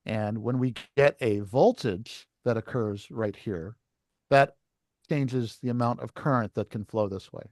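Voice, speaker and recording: A man's voice: mid-range voice, a little slow, darkish tone, no room sound. Man lecturing a class, dry sound. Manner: explains step by step, asks the class questions. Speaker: licensing class instructor.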